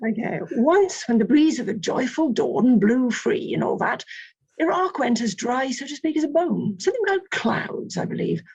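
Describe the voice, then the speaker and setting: Woman reading aloud, high voice that swoops a lot, gravelly and a bit husky, playful and amused. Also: very animated, moderate pace, a little mellow. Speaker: seminar participant reading aloud. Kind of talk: reading a comic passage aloud.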